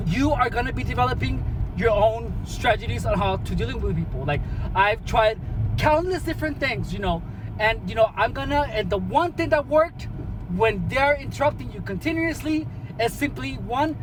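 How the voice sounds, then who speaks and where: A man's voice: very high voice, noisy background. A man talking casually as a vlogger, giving advice in a rambling way with many restarts.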